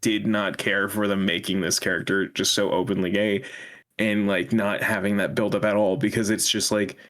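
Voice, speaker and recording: A young man with a fairly low voice talks on a podcast in a loose, casual way. He rants with animation and now and then slips into mocking high-pitched voices. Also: moderate pace. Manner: animated ranting, mock high-pitched impressions. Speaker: podcast co-host. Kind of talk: casual chat.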